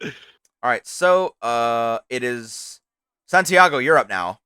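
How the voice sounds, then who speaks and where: A young man as game master of a streamed tabletop game, casual and excitable, swearing freely as he describes the action. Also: mid-range voice, slow, clean tone, no echo.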